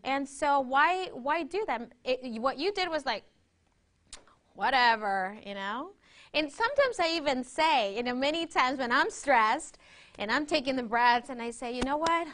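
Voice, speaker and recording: A woman presents a workshop in an animated voice that sits high and is a bit bright, speaking at a normal speed. She guides a breathing exercise and teaches in a conversational style, often checking in with "right?".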